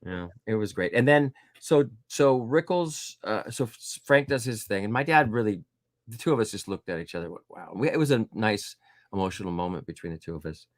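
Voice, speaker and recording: A man's voice: fairly low pitch, brisk, no echo, studio quality. A middle-aged man, an author being interviewed, telling stories casually with lots of ums and voiced quotes. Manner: animated anecdotes with voiced quotes and frequent fillers. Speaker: guest author.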